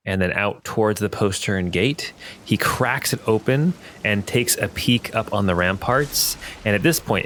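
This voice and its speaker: A man's voice: on the low side, a bit bright, a little hiss or hum. A man narrating as game master of a tabletop game, loose and hesitant with fillers.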